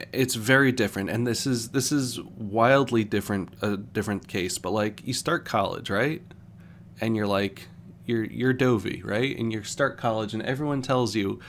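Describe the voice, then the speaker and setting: A man's voice: medium pitch, measured pace, creaky, a bit bright. A young man talking casually as a streamer, rambling with lots of fillers and restarts, over a faint hum. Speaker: streamer host. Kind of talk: casual chat.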